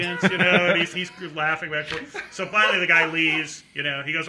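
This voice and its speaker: A middle-aged male comedian telling a story in casual talk, acting out a drunk heckler in a high voice. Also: a little fast, few pauses, noisy background. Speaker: comedian guest.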